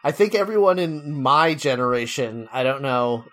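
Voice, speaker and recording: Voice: mid-range voice, animated, normal speed, fairly bright tone. Dry, wry podcast co-host. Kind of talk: casual chat.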